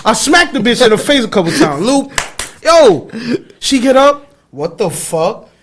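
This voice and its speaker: A young man telling a story in casual chat, animated, jumping between loud outbursts and hushed asides. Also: very high-pitched, moderate pace, slight background noise. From New York. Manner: animated, swings into loud shouting and hushed asides while acting out quotes. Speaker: podcast co-host.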